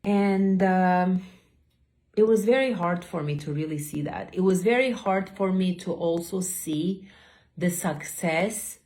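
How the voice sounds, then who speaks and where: A woman speaks alone into her podcast mic, her voice sitting a little low. She tells her story like casual gossip, wandering off track and catching herself mid-sentence. She sounds middle-aged and at ease. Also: a little slow, dark tone. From Turkey. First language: Turkish. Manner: chatty, rambling with tangents and self-corrections. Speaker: host, beauty academy owner.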